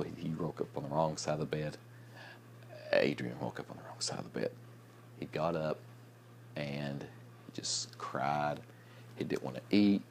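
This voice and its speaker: A young man chatting casually in a late-night vlog, sleepy and yawning, rambling with restarts and soft chuckles. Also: extremely low pitch, vocal fry, slight background noise. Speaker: vlogger.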